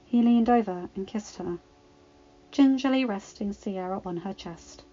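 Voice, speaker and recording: A woman reading fan fiction aloud in a calm, even storytelling voice. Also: mid-range voice, unhurried, muffled recording. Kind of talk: storybook narration.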